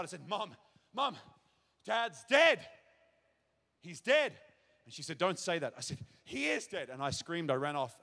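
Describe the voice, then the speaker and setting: A man giving his testimony as a pastor, telling the story vividly to a church crowd. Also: a little high. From Australia. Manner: storytelling, acts out shouted child's cries. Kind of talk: testimony sermon. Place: large church auditorium. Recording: long hall reverb.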